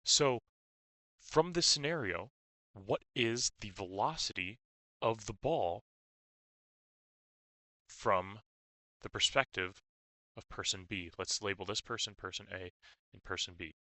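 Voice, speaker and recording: A young man tutoring physics, explaining step by step with stop-start phrasing and uneven loudness. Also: on the low side, unhurried, pauses often, no echo, rough recording.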